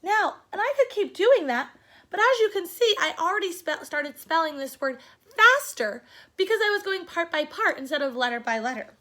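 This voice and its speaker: A young woman teacher giving a phonics lesson to children, sounding words out slowly part by part and encouraging them. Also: extremely high pitch, big pitch swings, a bit bright. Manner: slow, sounding out word parts, encouraging.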